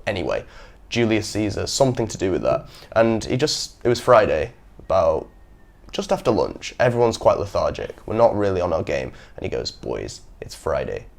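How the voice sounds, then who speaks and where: A young man hosting a podcast, telling stories in a casual, animated way and acting out the people he quotes. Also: on the low side, a little fast. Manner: animated storyteller who acts out quotes. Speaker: podcast host. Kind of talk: casual chat.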